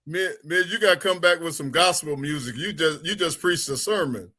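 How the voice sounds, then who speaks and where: Bright-toned playful male sports host. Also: fairly high pitch, moderate pace. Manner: playful, agreeable, folksy phrases. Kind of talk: casual sports talk debate. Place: radio studio.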